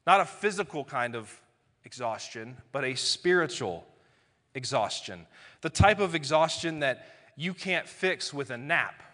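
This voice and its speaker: A man's voice: mid-range voice, expressive, a little slow, pushed and bright. A man preaching a sermon in a conversational way, acting out everyday exchanges. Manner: conversational preaching with playful acted-out quotes. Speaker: pastor. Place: large church hall. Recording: live sermon with hall reverb.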